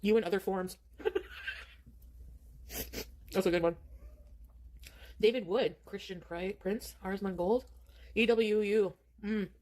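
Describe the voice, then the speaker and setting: A woman's voice: mid-range voice, steady tone, slow, pauses often, a little mellow. Rambling middle-aged woman streamer. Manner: rambling, chatty. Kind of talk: chatting on stream while eating.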